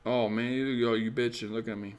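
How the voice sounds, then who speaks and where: A man's voice: mid-range voice, fairly even intonation, a little fast, clear, resonant tone. A tired young man hosting a casual live stream, giving blunt, profane dating advice and chatting with viewers in a rambling way.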